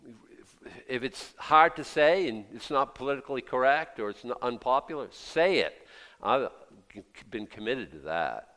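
A man's voice: mid-range voice, lively intonation, a little slow, bright, forceful tone. A man preaching a sermon in a conversational way, quizzing his listeners and repeating himself. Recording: long hall reverb.

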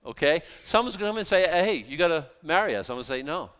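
A man's voice: on the high side, big pitch swings, fast, fairly bright tone, clear, resonant tone. A middle-aged man, a pastor preaching a sermon in a conversational way, asking rhetorical questions and acting out quoted voices.

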